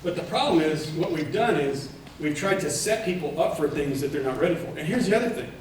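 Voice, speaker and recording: A man giving a keynote conference talk, animated, putting questions to the audience. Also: a little high, brisk, slight background noise. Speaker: keynote speaker. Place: large conference hall. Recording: echoey hall from far off.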